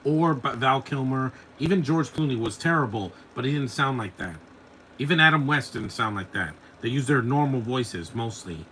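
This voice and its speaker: A man in his forties talks over a film in a live commentary podcast. His voice is bright and forceful at a middle pitch. He is blunt and opinionated, and he rambles from one gripe to the next. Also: animated, moderate pace, a little hiss or hum. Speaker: podcast host.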